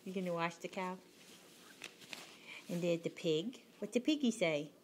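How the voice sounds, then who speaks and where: A woman's voice: lowish voice, a little slow, a little mellow, a little hiss or hum. A woman talking baby talk to a toddler at home, coaxing him and making animal noises in a sing-song way. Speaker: parent.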